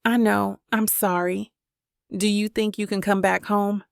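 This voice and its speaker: A woman's voice: medium pitch, little pitch movement, unhurried, gravelly, no room sound, clean studio sound. Woman reading a tearful, shaky mother. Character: grieving middle-aged mother, shaky and tender.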